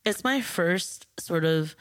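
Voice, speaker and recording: A woman co-hosting a casual chat, telling an animated story and acting out the people in it. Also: lowish voice, takes it slowly. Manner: animated storytelling with quoted voices and laughter.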